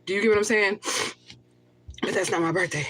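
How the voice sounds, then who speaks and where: A woman's voice: medium pitch, brisk, fairly bright tone, a little hiss or hum. A woman livestreaming to her viewers, rambling and profane, reading comments aloud and flaring into anger. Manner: repeats herself, flares up in anger. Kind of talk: emotional livestream talk to viewers.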